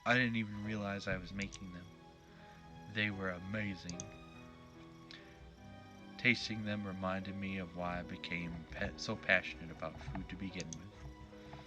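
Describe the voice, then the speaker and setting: A man's voice: low-pitched, fairly even intonation, a little slow, pauses often, music in the background. A man reading the lines of an earnest, sentimental older male chef from a dating game, with a solemn, heartfelt delivery. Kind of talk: reading game dialogue aloud.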